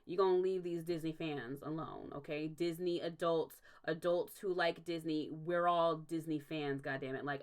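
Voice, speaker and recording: A young adult woman hosting a casual livestream, ranting emphatically with frequent swearing and laughter. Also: low voice. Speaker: stream host.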